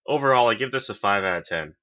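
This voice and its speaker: Low-ish man, forceful and tense tone, sardonic reviewer, muffled lo-fi sound. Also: lively intonation, fast. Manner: dry, sarcastic. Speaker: host, album reviewer. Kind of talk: semi-scripted review.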